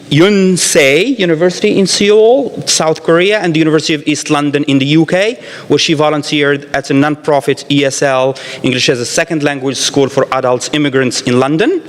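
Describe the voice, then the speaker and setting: A man formally reading a speaker introduction from notes, stumbling now and then over a word. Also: on the high side. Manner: formal, reads from notes with slips. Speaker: event moderator. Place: lecture hall. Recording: reverberant lecture hall.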